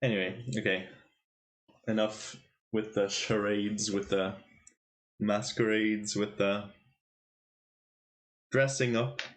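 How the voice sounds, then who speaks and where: A man's voice: fairly low pitch, little pitch movement, slow pace, long pauses. Playful man chatting on a live stream. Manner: playful, teasing the chat with quiz questions. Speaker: chess tournament commentator and streamer. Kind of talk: casual live-stream chat.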